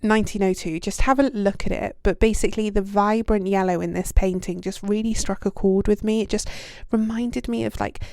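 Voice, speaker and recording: A young podcast host from the United Kingdom talks through a casual, reflective solo episode, chatty and self-deprecating with lots of ums and likes. Her warm, mellow voice sits at a middle pitch and moves a little fast with hardly any pauses. The recording is dry and close-miked, with no room sound.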